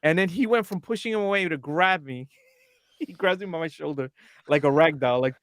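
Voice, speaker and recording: A man guest on a podcast, telling a lively anecdote and acting out the voices of the people in it. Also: on the high side, fairly quick, no room sound, studio quality. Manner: animated, acts out voices in his anecdote. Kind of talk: storytelling on a podcast.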